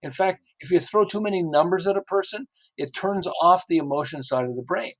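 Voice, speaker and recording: Animated middle-aged man telling stories. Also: sits high, fairly quick. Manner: animated storyteller who acts out quotes. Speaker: podcast guest, marketing expert. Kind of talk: casual interview chat.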